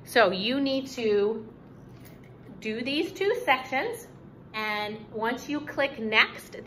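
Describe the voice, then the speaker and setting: A woman teaching a recorded fourth grade reading lesson, speaking slowly and emphatically and encouraging her students. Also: on the high side, sharp tone, slight background noise, low-quality recording.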